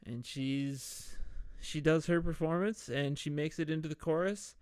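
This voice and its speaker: A man hosting a podcast, casually retelling a movie's plot in a loose, rambling way and slipping into quick voices for the characters. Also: a little high, darkish tone, smooth, no room sound, clean studio sound. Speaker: podcast host.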